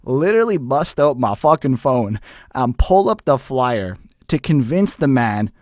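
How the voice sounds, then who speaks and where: A man in his thirties hosts a livestream interview and rambles excitedly through his intro. He swears freely and talks at a middle pitch. His voice sounds dry and close, with little room around it. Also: unhurried, no echo. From Montreal, Canada. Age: 30s. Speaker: host.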